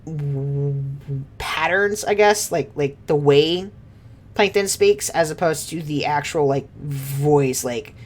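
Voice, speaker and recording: A woman's voice: low-pitched, slow pace, darkish tone. Giggly young woman streaming a game. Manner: giggly, rambling, swears casually. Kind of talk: casual gameplay commentary.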